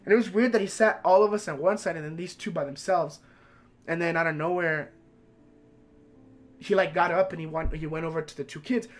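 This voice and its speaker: A man's voice: on the high side, steady tone, brisk, long pauses. A young man, a game streamer, rambling through a profane story in casual chat.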